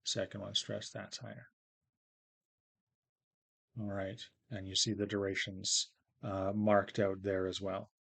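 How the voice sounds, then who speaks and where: A man with a fairly low voice talks through a recorded lecture. He explains patiently and casually, and he often stops on "uh" while he finds the next point. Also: takes it slowly, gravelly, long pauses, breathy edge. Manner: relaxed, explanatory, with frequent uh fillers. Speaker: linguistics lecturer.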